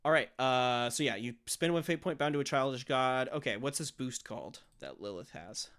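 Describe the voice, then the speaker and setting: A man's voice: medium pitch, animated, normal speed, a bit bright, clear, resonant tone. A man narrating a tabletop role-playing game as game master, explaining rules and acting out monster noises.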